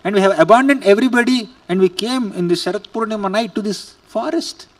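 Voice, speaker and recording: Young women devotees plead and reproach their Lord for neglecting them, as a man puts them on. The voice is high, and the sound comes from a microphone set a little distance away. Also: fast.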